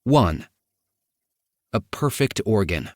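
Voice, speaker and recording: A man narrating a first-person memoir audiobook in a measured, even reading. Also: fairly low pitch, dry recording, clean studio sound.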